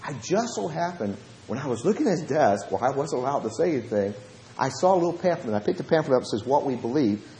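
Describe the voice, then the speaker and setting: A man with a Southern US accent, a preacher telling lively stories from Bible studies and switching between fast talk and slow, low speech. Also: slight background noise. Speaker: preacher and Bible study teacher. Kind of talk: storytelling lesson. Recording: roomy echo.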